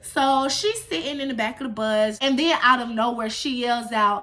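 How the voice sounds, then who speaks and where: A young adult woman telling a story casually in a vlog, with animated, profane, emphatic delivery. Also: on the high side, moderate pace, few pauses. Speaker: storytime vlogger.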